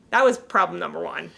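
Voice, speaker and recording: A woman's voice: on the low side, gravelly, bright, forceful tone. A woman co-hosting a podcast, chatting casually and emotionally about a movie she watched, laughing often and getting worked up. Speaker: podcast co-host. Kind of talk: casual movie review chat.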